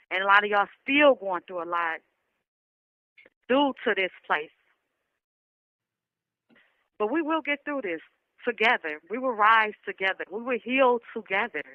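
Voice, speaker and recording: A woman's voice: mid-range voice, dry recording. A woman survivor giving an impassioned, emotional spoken message to other women, rallying them with repeated calls. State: emotional, near tears. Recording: dull lo-fi recording.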